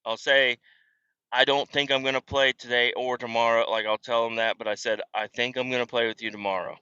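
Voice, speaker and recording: A man's voice: medium pitch, flat delivery, brisk, pushed and bright, clear, resonant tone, dry recording, lo-fi sound. A man hosting a casual podcast, rambling through family stories in a profane, self-deprecating way while on the road. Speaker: podcast host. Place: car.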